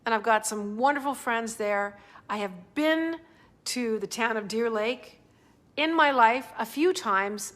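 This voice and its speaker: A woman's voice: mid-range voice, fairly bright tone. A woman from Alberta sending a casual, rambling and upbeat video greeting. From Alberta, Canada.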